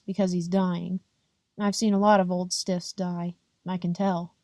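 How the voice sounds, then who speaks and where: A woman narrating a first-person audiobook in a plain, measured, unhurried reading. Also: fairly low pitch, warm tone, no room sound, clean studio sound. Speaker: audiobook reader.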